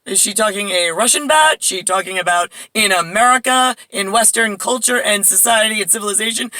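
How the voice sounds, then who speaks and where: Rambling New woman, bright dry voice. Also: medium pitch, brisk, hardly any pauses, no echo, rough recording. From Bayside, New York. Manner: rambling, jumps between tangents, muses aloud. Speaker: vlogger. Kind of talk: casual monologue to camera. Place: at home indoors.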